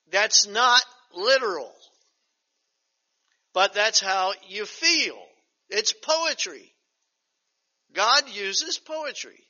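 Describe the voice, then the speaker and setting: An older man teaching a Bible study as pastor, reading scripture slowly and emphatically, then breaking into chatty asides. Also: high voice, sharp tone. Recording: dull lo-fi recording.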